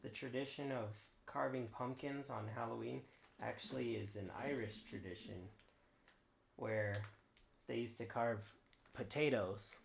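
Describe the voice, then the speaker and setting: Gravelly low-ish guy rambling while carving a pumpkin, roomy echo, noisy background. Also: steady tone, measured pace. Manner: rambling, with fillers. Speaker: streamer. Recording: roomy with clear background noise.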